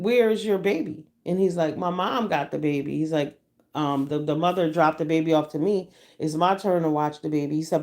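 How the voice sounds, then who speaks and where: Woman, forties, lowish voice, blunt and profane, casual livestream storytelling. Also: darkish tone. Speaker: livestream host.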